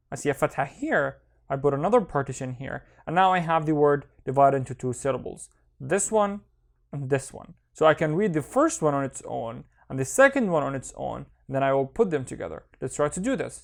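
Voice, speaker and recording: Patient man teaching Arabic syllables. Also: on the high side. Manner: slow, patient, repeats sounds twice. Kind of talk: online language lesson.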